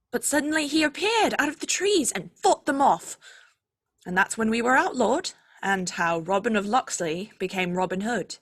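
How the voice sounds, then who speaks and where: A woman playing a loyal young miller's son, telling his tale in a folksy, chatty way. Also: a little high. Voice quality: chatty storyteller, folksy phrasing. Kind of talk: audio drama acting.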